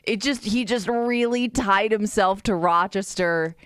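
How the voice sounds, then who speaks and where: A woman co-hosting a live radio show, calmly laying out her points in casual banter. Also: mid-range voice, unhurried, clear, resonant tone, dry recording, studio quality. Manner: thoughtful, explanatory.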